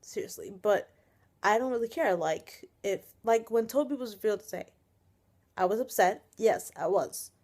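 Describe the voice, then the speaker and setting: A woman's voice: on the high side, normal speed, darkish tone. A young woman ranting on a casual vlog, angry and exasperated, sighing often and swearing as she talks. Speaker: vlogger reviewing a TV episode. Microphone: webcam or built-in camera mic.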